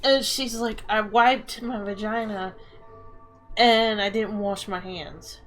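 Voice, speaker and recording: A woman's voice: mid-range voice, slow pace, poor audio. A woman streamer in casual chat, telling embarrassing stories with lots of laughter. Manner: laughing storyteller, animated. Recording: faint music behind.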